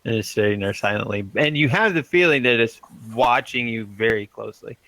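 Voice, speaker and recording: A man's voice: mid-range voice, fairly quick, a bit bright, no echo, poor audio. A man running a tabletop game as game master, loose and laughing, with lots of fillers.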